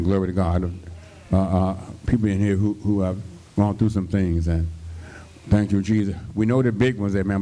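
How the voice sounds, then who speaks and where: Male pastor, deep mellow voice, fervent radio sermon full of hallelujahs. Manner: fervent, punctuated with constant hallelujahs and thank-you-Jesus.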